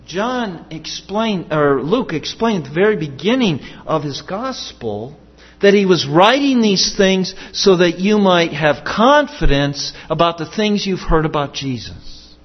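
A man's voice: high voice, animated, measured pace, husky. A man preaching a sermon in an earnest, emphatic way, repeating his key questions. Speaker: pastor. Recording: dull sound with long hall reverb.

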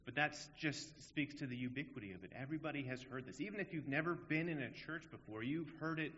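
A man's voice: fairly high pitch, fast talker, fairly bright tone. A man preaching a sermon in an earnest, emphatic way, asking rhetorical questions. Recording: dull audio in a long-reverb hall.

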